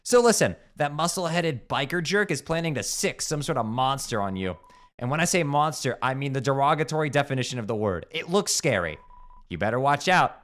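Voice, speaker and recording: A man reading game dialogue aloud during a playthrough, swinging between loud outbursts and low mutters. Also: lively intonation, brisk.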